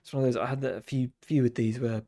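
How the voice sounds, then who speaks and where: A man's voice: mid-range voice, steady tone, fast, warm tone. A young man streaming, chatting casually while he draws, with dry self-deprecating humor. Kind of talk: casual chat while drawing.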